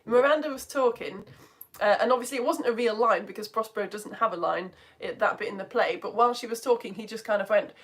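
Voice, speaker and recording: A young British woman teaching a live online lesson from home, chatty and quick to laugh, with many restarts. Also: medium pitch, fairly bright tone. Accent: British English.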